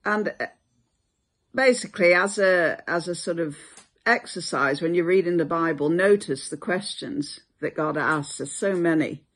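A Bible teacher giving a reflective devotional video talk, unhurried with many hesitations. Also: medium pitch, a bit bright.

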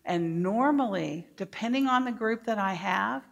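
A woman speaks slowly and deliberately to a room of teachers. She stresses her points and keeps turning questions back to her audience, in the manner of a workshop trainer. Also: mid-range voice, animated, gravelly, highs cut off. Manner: emphatic, asks the audience questions.

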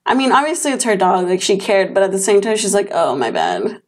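A woman's voice: medium pitch, fast. Chatty young woman telling stories. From another country. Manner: chatty, storytelling, lots of fillers. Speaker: podcast co-host. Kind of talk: casual chat.

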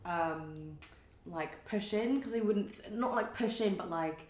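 A woman's voice: fairly low pitch, unhurried, darkish tone. A woman, a podcast guest, chatting casually and searching for her words. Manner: hesitant, many fillers and restarts. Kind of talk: casual chat. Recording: roomy echo.

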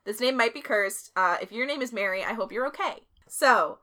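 A woman's voice: a little high, normal speed, pushed and bright. A woman co-hosting a podcast, telling a history story in a casual, chatty way, laughing often. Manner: laughs often, swears, uses filler like.

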